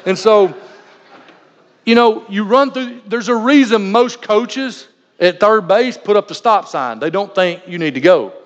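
A man's voice: high-pitched, expressive, a little slow. A man preaching a sermon as a pastor, earnest and conversational, weaving in personal anecdotes. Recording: dull lo-fi recording in a reverberant hall.

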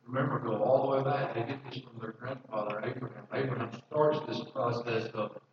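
A man's voice: medium pitch, fairly even intonation, brisk, a little hiss or hum. A man preaching a sermon as pastor, reading scripture aloud and explaining it in a conversational way, often repeating words as he goes. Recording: distant mic with roomy echo, dull sound.

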